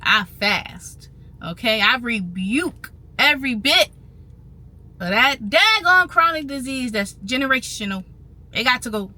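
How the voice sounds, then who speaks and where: A woman talks casually to her viewers in a vlog. Her voice is slightly high and bright, with a forceful edge. She is animated and chatty and repeats phrases for emphasis. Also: unhurried. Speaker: vlogger on trading and finance. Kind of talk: casual talk to camera.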